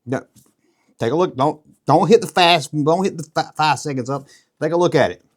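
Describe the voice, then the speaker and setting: A man's voice: on the high side, moderate pace. A middle-aged man hosting a casual show-and-tell vlog, rambling and joking as he goes. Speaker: YouTube collectibles host.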